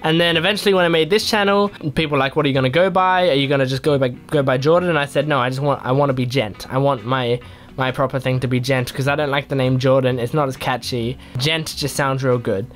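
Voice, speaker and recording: A man's voice: mid-range voice, steady tone, fast, fairly bright tone, soft background music. A young man answering fan questions in a casual, rambling, playful way. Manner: rambling, playful, self-mocking. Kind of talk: casual Q&A chat.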